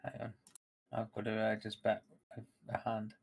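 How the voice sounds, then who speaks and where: A man's voice: fairly low pitch, monotone, normal speed, gravelly. Man, teasing, laughing, casual poker banter. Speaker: poker player. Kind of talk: casual chat over online poker.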